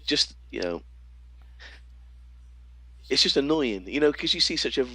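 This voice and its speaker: A man's voice: mid-range voice, animated, unhurried, pushed and bright, slightly rough, no room sound. A man from the United Kingdom, a guest on a casual podcast over a video call, easygoing and hesitant with many fillers. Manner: easygoing, hesitant, many ums and you-knows.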